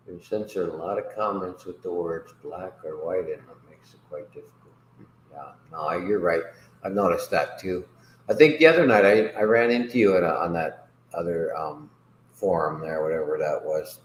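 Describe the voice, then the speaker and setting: A man's voice: low-pitched, moderate pace, reverberant, a little hiss or hum, rough recording. A man hosting a casual livestream chat, rambling and profane, laughing often between remarks. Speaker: host.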